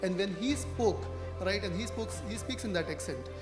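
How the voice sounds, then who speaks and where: A man's voice: high voice, lively intonation, moderate pace. A man with an Indian English accent speaking as a marketing panelist at a conference, talking in a conversational way with frequent tag questions. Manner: conversational, frequent fillers like "right?" and "you know". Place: conference hall. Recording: echoey hall with music.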